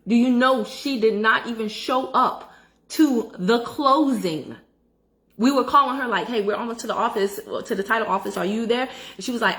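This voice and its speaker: Lively chatty woman telling a story. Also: a little high, moderate pace. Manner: animated, chatty, talks straight to the audience. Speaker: credit education vlogger. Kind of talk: casual storytelling to viewers. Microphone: phone.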